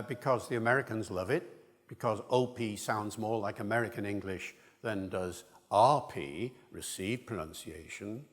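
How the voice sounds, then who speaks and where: Older man lecturing in a reverberant hall. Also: fairly low pitch. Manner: discursive and enthusiastic, with asides. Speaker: linguist lecturer. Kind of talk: public lecture.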